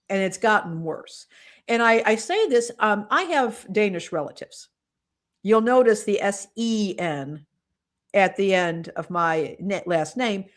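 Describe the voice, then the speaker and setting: A woman from the United States speaks in a mid-range voice as a podcast co-host. Her delivery is casual and earnest, impassioned about her point, and full of restarts as she works through her thoughts aloud. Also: mid-range voice. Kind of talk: casual political commentary.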